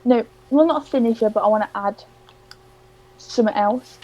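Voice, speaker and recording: A woman's voice: a little high, moderate pace, a little mellow, lo-fi sound. A woman, a guest wrestler chatting casually, hesitant and laughing at times. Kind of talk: casual chat.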